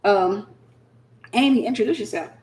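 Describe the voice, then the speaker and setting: A woman's voice: mid-range voice, normal speed, darkish tone, a little hiss or hum, lightly acted. Woman putting on a casual young guy, breezy, friendly, roomy echo. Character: friendly young man introducing his fiancée.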